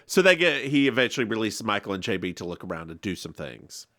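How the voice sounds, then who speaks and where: A lowish-voiced man speaks quickly as he co-hosts a podcast and recaps an episode in casual chat. The recording is dry, with clean studio sound. Laughing frequently, he acts out quotes with animated flair.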